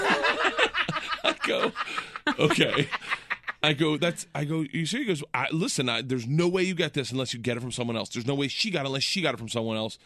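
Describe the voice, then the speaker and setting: A man in his thirties telling a story in casual chat, rambling and self-deprecating, laughing often and dropping into a low deadpan voice when quoting people. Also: quick pace, no echo, clean studio sound.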